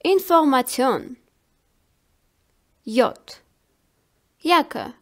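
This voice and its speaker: A woman giving a language lesson, saying each word slowly and carefully, often twice. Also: high-pitched, expressive, a bit bright. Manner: slow, carefully enunciated word drills. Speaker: language teacher.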